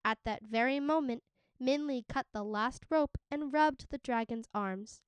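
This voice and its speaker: A woman teacher reading a children's novel aloud, with slow and deliberate narration into a close mic. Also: high-pitched, clear, resonant tone, no echo. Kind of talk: audiobook read-aloud narration.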